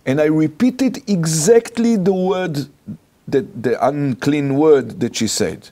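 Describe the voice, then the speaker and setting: A male rabbi with an Israeli accent tells a personal story as an interview guest. His voice sits a little high, gravelly and swooping widely. He speaks slowly, in halting, lively English. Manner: animated storytelling in halting, non-native English. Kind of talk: personal anecdote told in an interview.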